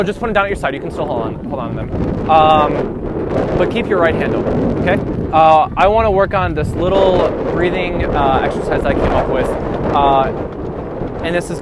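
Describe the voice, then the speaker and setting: A man's voice: fairly high pitch, normal speed, very noisy. A young man teaching a band rehearsal, counting off beats, singing rhythms and coaching breathing and articulation. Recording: music playing in the background.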